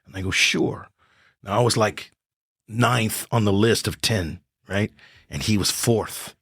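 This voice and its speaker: This older man's voice is lowish, slightly rough and measured in pace as he chats casually as a comedian guest on a podcast. He tells his stories with animation, acting out the dialogue, in studio quality with no echo.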